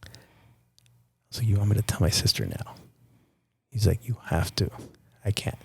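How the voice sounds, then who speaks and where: A young Nicaraguan man, guesting on a podcast, tells a personal story in a candid, profane, casual way, calling the host "dude" and "bro." His voice is fairly low, creaky and husky, with wildly swooping pitch at a moderate pace.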